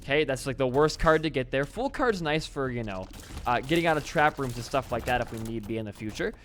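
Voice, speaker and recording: A young man casually commentating his own gameplay, excitable and swearing freely as he talks at the game. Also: medium pitch, a little fast, soft background music. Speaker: gaming channel host.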